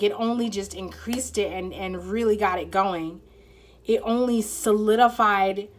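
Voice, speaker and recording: A woman giving a casual, earnest tarot reading to her viewers. She swears freely, uses many fillers, and fights back tears. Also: medium pitch. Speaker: tarot reader.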